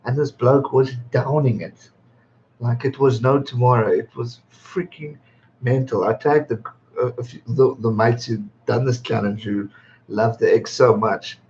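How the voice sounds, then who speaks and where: A man's voice: mid-range voice, fairly even intonation, measured pace, a little mellow, a little hiss or hum. A man in his twenties from England, hosting his birthday livestream, chatting casually, reading out viewer comments, laughing often and swearing freely. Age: 20s. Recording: slightly dull lo-fi stream audio.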